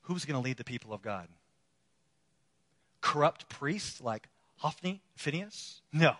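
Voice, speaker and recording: High-voiced man preaching in a reverberant hall. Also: expressive, a little slow, long pauses. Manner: swings from loud, emphatic declarations to quiet, intimate appeals; repetitive preaching cadence. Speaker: pastor. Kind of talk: sermon.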